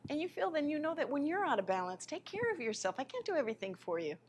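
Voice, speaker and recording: A woman giving a live spiritual lecture in an impassioned way, her voice swinging between soft, quiet passages and sudden loud ones. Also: sits high, very animated, fast talker, a little hiss or hum.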